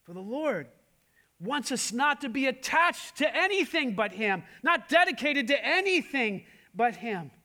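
A male pastor preaching with a strikingly high voice for a man. He delivers his sermon emphatically, moving between loud, urgent lines and hushed ones, and asks the congregation one rhetorical question after another. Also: big pitch swings, a little slow.

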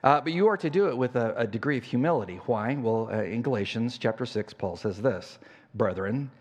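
A man's voice: medium pitch, lively intonation, fairly quick. An older man preaching a sermon as pastor, telling a story in a conversational way with many fillers and restarts. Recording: church hall reverb.

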